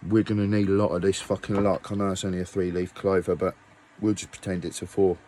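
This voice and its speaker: A man's voice: low voice, flat delivery, quick pace, warm tone, slight background noise. A man ranting angrily at his viewers, swearing often and firing off rhetorical questions. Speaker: musician vlogger. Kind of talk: angry rant to camera.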